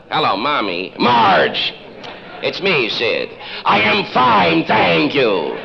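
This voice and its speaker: A male comedian performs a one-sided phone call, stammering and flustered and slowly boiling over into exasperation. His gravelly voice leaps all over the place in pitch. It comes off a dull, lo-fi vintage comedy album. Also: wildly swooping pitch, bright, forceful tone. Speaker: stand-up comedian. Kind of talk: one-sided telephone monologue.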